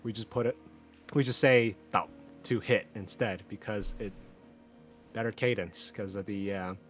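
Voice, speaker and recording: A man's voice: lowish voice, normal speed, faint music behind. A man from New York on a voice call, confidently explaining and joking in casual chat. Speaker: caller.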